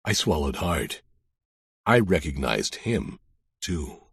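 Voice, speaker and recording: A man's voice: very deep voice, very animated, slow, gravelly, fairly bright tone, breathy edge, no room sound. A man narrating a crime audiobook in the first person, with a dry, wry storytelling manner.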